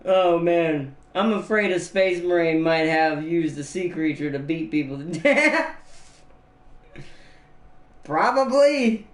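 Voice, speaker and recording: A man's voice: on the high side, roomy sound. A man streaming casual chat who rambles and laughs often at his own jokes.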